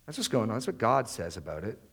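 A man's voice: lowish voice, sing-song, quick pace, vocal fry, a bit bright, husky. A married man preaching a sermon, acting out the prayers and excuses he quotes. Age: adult, married. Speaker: pastor.

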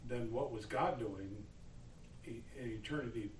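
A man's voice: mid-range voice, normal speed, slightly rough. A man in a Bible class who jumps in to ask earnest, hesitant questions. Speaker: class participant. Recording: distant room mic with faint noise.

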